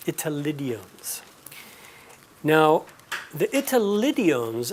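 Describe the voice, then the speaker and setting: A man teaching a live class, explaining and telling stories in a relaxed, conversational way. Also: on the high side, a little hiss or hum. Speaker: aromatherapy teacher.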